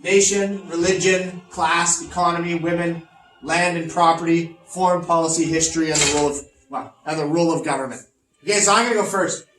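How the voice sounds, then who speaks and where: A man's voice: fairly high pitch, fairly even intonation, a little fast, far from the mic, close to an everyday voice. A man playing a pompous, boastful fascist in a comedic lesson skit, lecturing with smug self-importance. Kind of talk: comedic educational role-play. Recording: roomy echo, off-mic, faint music.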